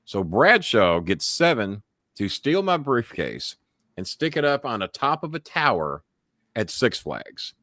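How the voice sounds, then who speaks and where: A man's voice: mid-range voice, sing-song, unhurried, pushed and bright, no room sound, studio quality. A man hosting a casual chat show and telling a profane wrestling story. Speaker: show host.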